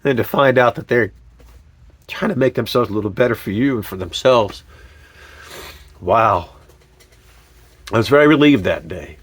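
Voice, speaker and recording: A man telling a personal story in a candid, animated way, with frequent fillers and sudden swear words. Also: mid-range voice, normal speed, pauses often, slightly rough, no room sound. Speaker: vlogger.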